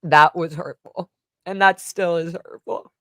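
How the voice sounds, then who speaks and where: Telling a personal story, this woman vlogger wanders casually and emotionally, leaning on frequent "like" fillers. She speaks a little slowly in a lowish, slightly bright voice with fairly even intonation. The studio recording is clean and echo-free.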